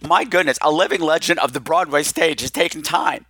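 Campy podcast host with a gravelly voice. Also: male voice, a little high, normal speed, sharp tone, no room sound. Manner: campy, effusive, rambling. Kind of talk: casual chat.

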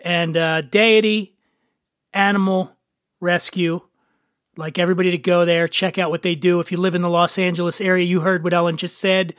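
A man's voice: high-pitched, flat delivery, moderate pace, fairly bright tone, no room sound. Male podcast host, casual joking chat, close dry studio mic. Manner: chatty, self-deprecating, gets choked up. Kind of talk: casual interview chat and read ad.

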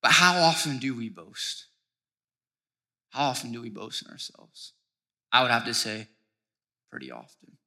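A man preaching a sermon from a church stage as pastor, building to excited, emphatic passages. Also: mid-range voice, measured pace, pauses often.

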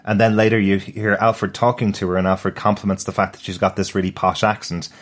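A man co-hosting a podcast, chatting briskly about a TV episode and chuckling now and then. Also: low-pitched, little pitch movement. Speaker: podcast co-host.

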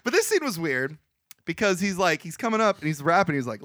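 A man hosting a podcast, casually recapping a movie with frequent laughter and lively put-on quotes. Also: high voice, fast talker, no echo, clean studio sound. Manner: laughs often, animated retelling with put-on quotes. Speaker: podcast host.

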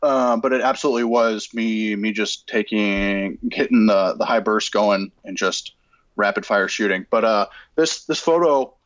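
A man guesting on a podcast, talking in a relaxed way with plenty of hesitations. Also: lowish voice, moderate pace, no room sound, dull audio. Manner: relaxed, hesitant with many uhs. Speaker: photographer guest. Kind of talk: casual interview chat.

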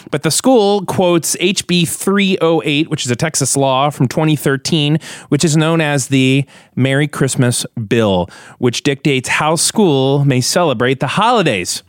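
A man's voice: on the high side, no room sound, clean studio sound. A man hosting a podcast, telling news stories in a casual, joking way and slipping into silly voices. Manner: animated storyteller, jumping into silly voices. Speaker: podcast host. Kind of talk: casual comedic news chat.

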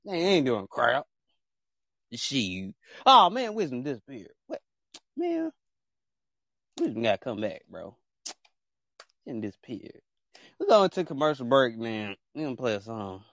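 A medium-pitched man hosts a casual chat show, speaking unhurriedly with long pauses in a dry, studio-quality recording. Animated and joking, he uses slangy speech to address his viewers directly and dishes out playful trash talk.

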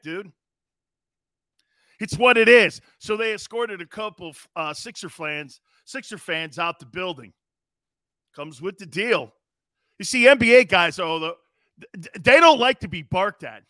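A man's voice: sits high, expressive, normal speed, pushed and bright, no echo, studio quality. A man hosting a sports talk show, delivering a brash, mocking monologue. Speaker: sports radio host.

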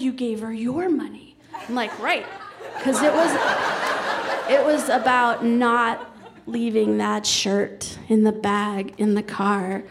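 A woman telling a personal story on stage, lively and acting out the voices of the people in it. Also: fairly high pitch, a little hiss or hum. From Colorado. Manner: lively, acts out the quoted voices.

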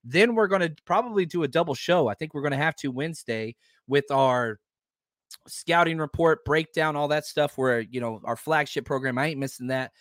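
A man hosting a sports podcast, talking casually and heatedly, swearing and jumping between loud outbursts and low, muttered asides. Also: moderate pace, dry recording, studio quality. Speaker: podcast host.

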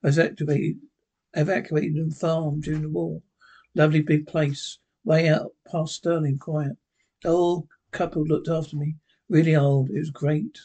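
A quiet old Scottish hermit in a television sitcom. His voice is husky and sits a little higher than most men's. He tells his story plainly and wistfully. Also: level tone, moderate pace, low-quality recording. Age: older. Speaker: sitcom character. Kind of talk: sitcom acting.

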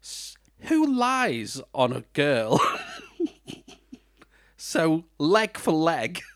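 British man, lively chatty podcast host. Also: on the high side, very slow, dry recording. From Britain. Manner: chatty, laughs often, breaks into mock voices. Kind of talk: casual film review chat.

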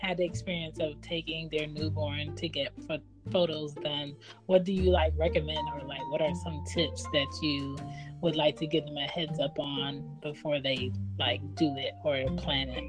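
A woman's voice: low voice, moderate pace, music in the background. A woman interviewer asking loose, rambling questions with lots of "like". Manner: relaxed, asks rambling questions with many "like"s. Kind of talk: casual interview chat.

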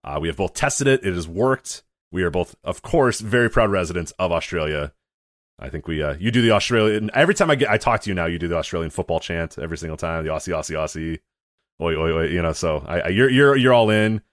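A man's voice: sits low, lively intonation, fast, dry recording, clean studio sound. A man co-hosting a podcast in casual chat, rambling and restarting his sentences, laughing partway through them. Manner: rambling, self-interrupting, laughs mid-sentence. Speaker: podcast co-host. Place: American.

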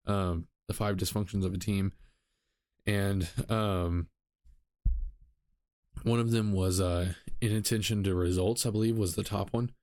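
Man, deep voice, solo podcast host, rambling with ums, dry close sound. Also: fairly even intonation, unhurried, pauses often, darkish tone, dry recording. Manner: rambling, self-correcting, frequent ums.

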